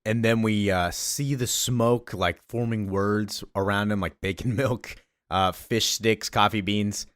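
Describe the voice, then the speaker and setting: Excited man gushing over a comic. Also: fairly low pitch, unhurried, no room sound, clean studio sound. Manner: excited, gushing, reads character lines with slight voices. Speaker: comic book reviewer. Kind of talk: enthusiastic comic recap.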